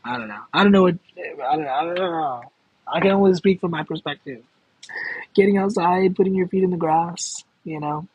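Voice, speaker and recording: A man's voice: fairly high pitch, moderate pace, slightly rough, dry recording, narrow, tinny audio. A man chatting casually on a livestream as a tarot card reader, rambling and restarting his sentences with lots of fillers and giggles. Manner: rambling and self-interrupting, with many fillers and giggles. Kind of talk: casual livestream chat with viewers.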